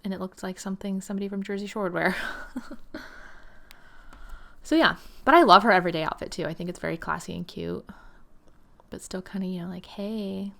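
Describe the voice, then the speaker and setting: A woman's voice: mid-range voice, very animated, a little fast, gravelly, pauses often, pushed and bright. A young woman in her twenties chatting through gameplay commentary, rambling with lots of fillers and sometimes dropping to a whisper. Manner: chatty and rambling, with frequent "like" and "um" and some laughter. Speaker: gaming channel host.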